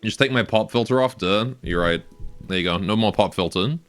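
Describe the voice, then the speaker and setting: A man's voice: fairly low pitch, a little fast, fairly bright tone, clear, resonant tone, soft background music. A young man casually commenting on his game live, rambling, joking and often laughing, on a close cheap stage mic. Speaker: game streamer.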